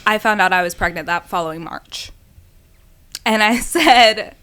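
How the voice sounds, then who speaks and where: A young woman hosts a casual podcast chat in a bright, crisp voice at a middle pitch. She asks questions that run on and fills them with "like." Her tone stays easygoing. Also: measured pace, long pauses. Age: young adult. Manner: chatty, many "like" fillers, asks rambling questions. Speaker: podcast host.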